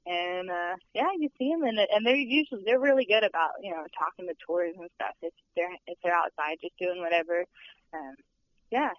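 A woman's voice: mid-range voice, fairly bright tone. Bubbly young woman chatting with fillers. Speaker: studio tour guide. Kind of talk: casual interview chat. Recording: dull lo-fi sound.

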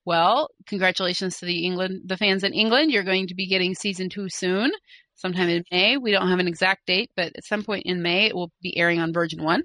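A woman's voice: fairly low pitch, fairly quick, bright, forceful tone, no room sound. A woman co-hosting a podcast, chatting casually and reading listener mail, rambling with fillers and self-corrections. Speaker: podcast co-host.

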